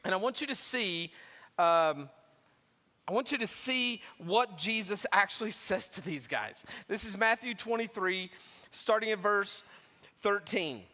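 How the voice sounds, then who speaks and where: A man's voice: sits high, expressive, measured pace, sharp tone, in a large hall. A man preaching a sermon as pastor, casual and conversational as he reads and explains scripture. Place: church sanctuary.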